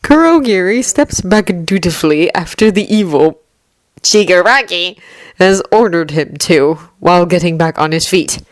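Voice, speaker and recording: Woman reader, low voice, steady measured narration, dry close recording. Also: no room sound. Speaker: fanfiction reader. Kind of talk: audiobook narration.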